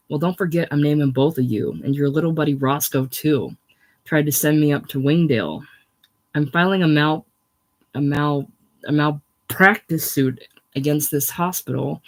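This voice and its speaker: A man reading aloud voices an enraged doctor, shouting and ranting as orderlies lead him away, close to tears. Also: fairly high pitch, lightly acted. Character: furious male doctor committed to a psych ward.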